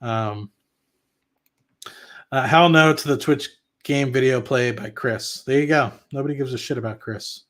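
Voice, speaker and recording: A man's voice: medium pitch, a little slow, fairly bright tone. A man hosting an investing stream, talking casually and bluntly, with swearing and restarts, and answering viewer chat. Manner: rambling and blunt, with frequent profanity and restarts. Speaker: investing channel host. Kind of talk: casual livestream talk reading viewer chat.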